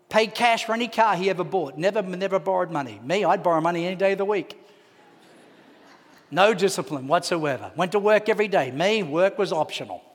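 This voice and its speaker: Male pastor, very high voice, dramatic storyteller, long echoing hall reverb. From Australia. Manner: animated storytelling, swinging from hushed to shouting. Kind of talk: sermon.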